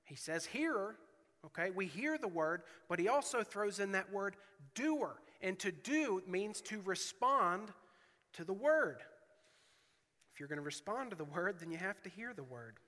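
Bright-voiced man preaching in a reverberant hall. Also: sits high, sing-song, measured pace. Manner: earnest, reads scripture aloud with rising emphasis. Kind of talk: sermon.

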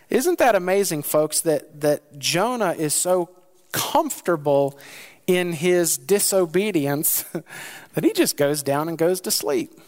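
Animated man preaching a sermon. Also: on the high side, slow pace. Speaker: pastor.

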